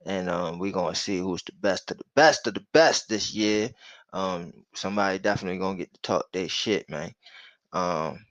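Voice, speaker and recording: A man's voice: sits low, moderate pace, no echo, poor audio. A man hosting a casual sports talk show, laid-back and drawling with lots of fillers. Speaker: host.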